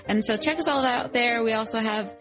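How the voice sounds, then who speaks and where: A woman co-hosting a podcast, chatting casually and excitably, with a giggly manner. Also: fairly high pitch, a little fast, music in the background. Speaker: podcast co-host.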